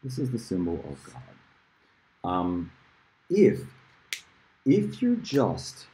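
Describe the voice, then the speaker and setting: A man teaching a casual music lesson at a board, rambling, with loud bursts of emphasis and murmured asides. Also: fairly low pitch, huge pitch swings, very slow, a little hiss or hum, poor audio.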